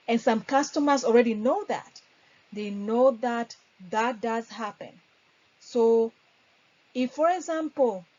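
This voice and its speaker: A woman's voice: on the high side, a little mellow, muffled recording. A woman giving an earnest customer service lesson and acting out sample phone lines. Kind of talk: instructional talk.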